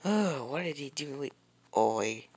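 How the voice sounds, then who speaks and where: A woman's voice: a bass voice, lively intonation, a little slow, darkish tone, breathy edge. A woman giving live commentary while playing a game, rambling and jumpy, with many fillers and repeated words. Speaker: gamer.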